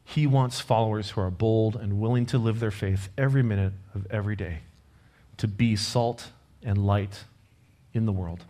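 A man with a somewhat low voice delivers a sermon. He talks in an earnest, conversational way. He shifts into a quiet, heartfelt prayer at the close. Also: normal speed. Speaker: preacher. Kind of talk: sermon with personal story.

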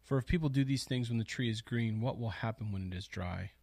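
A man reading the words of Jesus slowly and solemnly in a scripture reading. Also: medium pitch, darkish tone, dry recording, natural voice.

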